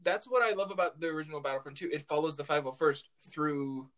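A young man co-hosting a podcast, chatting casually in a lively, playful way. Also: on the high side, fast, a crowd in the background. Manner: lively, playful, chuckles along. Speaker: podcast co-host. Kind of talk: casual chat.

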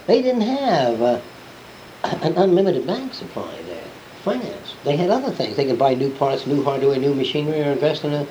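A man lectures to a class off the cuff, blunt and rambling, now and then swearing. His voice is a bit high and swings up and down a lot. Faint hiss runs under the old recording. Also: warm tone, poor audio.

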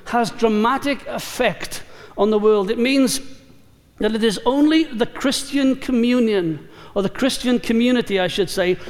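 High-voiced Kiwi pastor preaching in a hall. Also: male voice. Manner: measured and emphatic, building through repeated phrases. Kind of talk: sermon. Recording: long reverb of a large hall.

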